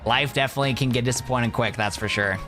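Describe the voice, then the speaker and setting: A man's voice: mid-range voice, quick pace, music in the background. A young man chatting casually on a live stream, rambling and laid-back, calling his viewers "bro".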